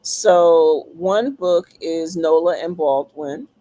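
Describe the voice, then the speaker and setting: A woman with a fairly low voice speaks slowly and thoughtfully as an interview guest. She pauses often and fills the gaps with ums while she restarts her sentences. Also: mellow, poor audio. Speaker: author guest. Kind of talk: casual interview talk.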